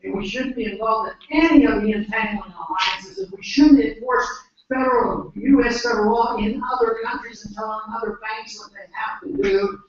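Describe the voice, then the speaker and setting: An American man giving an earnest, emphatic speech at a conference, pausing often with hesitations. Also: sits high, slight background noise. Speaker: conference speaker. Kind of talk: speech to an audience. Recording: echoey hall, distant mic, dull lo-fi.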